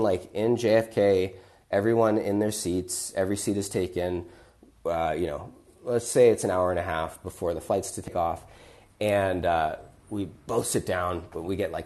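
A man with a fairly low voice tells a personal story on a podcast. He talks casually and with energy, often backing up and adding fillers as he goes. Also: mellow. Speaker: podcast host.

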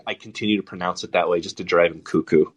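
A man's voice: deep voice, steady tone, fast talker, background noise. A man hosting a podcast, talking politics in a casual, sardonic and profane way. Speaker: podcast host.

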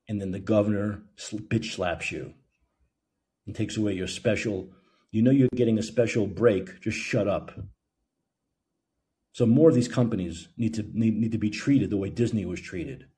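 A man's voice: on the low side, moderate pace, pauses often, warm tone. A man hosting a call-in show, ranting heatedly and sneering, with a lot of profanity. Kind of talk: opinion rant.

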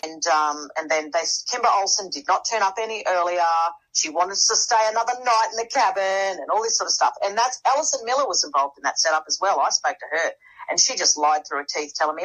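A woman's voice: fairly low pitch, quick pace, a bit bright, low-quality recording. A woman guest telling a dramatic story in casual conversation, acting out quoted dialogue.

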